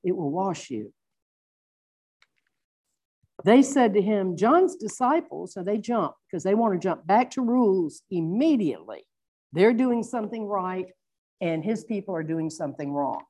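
A middle-aged woman preaching a sermon, earnest and reflective, slowing down to stress her points. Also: mid-range voice, lively intonation, warm tone. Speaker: Bible teacher.

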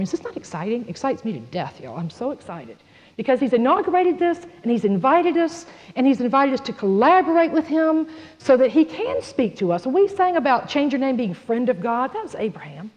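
A woman teaching a sermon, lively and conversational, acting out little scenes as she goes. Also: on the high side. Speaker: Bible teacher. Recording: muffled sound in a long-reverb hall.

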